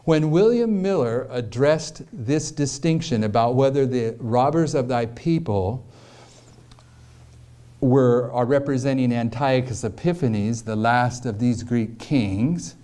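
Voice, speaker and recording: A man's voice: fairly high pitch, mellow. A man giving a prophecy lecture, explaining carefully with repeated questions and emphasis. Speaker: preacher.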